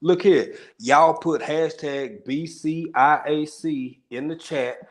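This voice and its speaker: A man hosting a casual livestream chat from his home in Tanzania, rambling with restarts and shouting out viewers. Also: a little high, takes it slowly. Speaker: livestream host.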